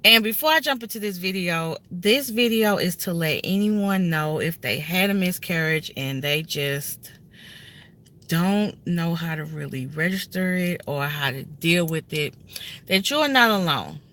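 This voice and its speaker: A woman's voice: lowish voice, animated, measured pace, fairly bright tone. A woman in her thirties tells a personal story in a car, speaking earnestly and emotionally and often turning straight to her viewers. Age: 30s. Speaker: vlogger telling a personal story. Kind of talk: casual heartfelt story time. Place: inside a car.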